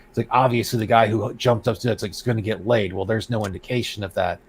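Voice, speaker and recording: A man's voice: mid-range voice, steady tone, fast talker, hardly any pauses, slightly rough, rough recording. A man hosting a casual podcast, talking at length in a mid-range voice. He rants through his points and turns sarcastic whenever he quotes someone else. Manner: ranting, reads out quotes with sarcasm. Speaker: podcast host.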